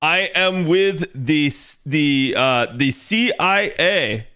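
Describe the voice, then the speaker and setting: A man voicing a loud, slow, overly polite American tourist, over-enunciating every word. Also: on the high side, animated, clean tone, voice pushed up, heavily acted. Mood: mock-formal.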